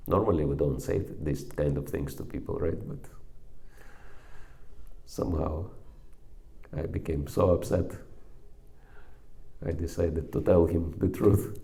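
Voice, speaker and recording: A man with a Russian accent giving a sermon as a monk preacher, measured and hesitant, pausing between phrases. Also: very deep voice, steady tone, gravelly, warm tone. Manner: slow, measured, with pauses and hesitations.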